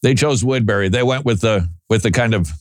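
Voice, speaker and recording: A man from Minnesota hosting talk radio in a studio, sarcastic and animated, often stammering and restarting his sentences. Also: fairly low pitch, a little fast, no echo. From Saint Paul, Minnesota. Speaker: radio host.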